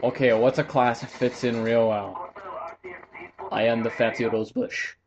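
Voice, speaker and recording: A young man giving casual, excitable commentary while playing a shooter game, swearing and joking. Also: mid-range voice, a little slow, lo-fi sound, noisy background. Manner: excitable, swearing, jokey outbursts. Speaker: gaming commentator.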